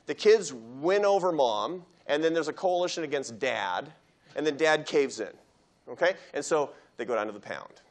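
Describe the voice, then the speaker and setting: A man giving a public university lecture, telling a story with lively animation and acting out quoted voices. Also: a little high, normal speed. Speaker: guest lecturer.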